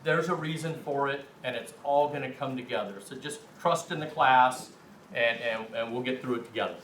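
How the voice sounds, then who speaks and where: A man's voice: medium pitch, moderate pace, noisy background. A man teaching a language class in a chatty, encouraging way, telling anecdotes to the room. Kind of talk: informal classroom talk. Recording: echoey room from far off.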